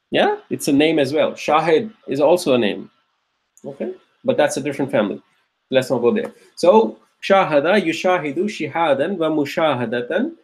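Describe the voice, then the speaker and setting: A man teaching an Arabic grammar class, patiently repeating words aloud and checking that his students are following. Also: on the high side. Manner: patient, drills words by repeating them slowly.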